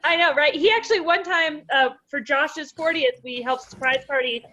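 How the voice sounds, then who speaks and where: Chatty high-voiced woman on a muffled call. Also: normal speed, sharp tone. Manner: chatty, playful, storytelling. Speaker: guest on a video call. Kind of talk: casual video call chat. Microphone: video call. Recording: muffled video call audio.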